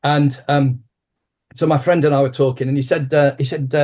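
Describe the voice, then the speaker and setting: Being interviewed, a martial arts teacher in his sixties tells a story with animated energy at a normal speed. His voice is middle-pitched, and he frequently restarts and repeats his words.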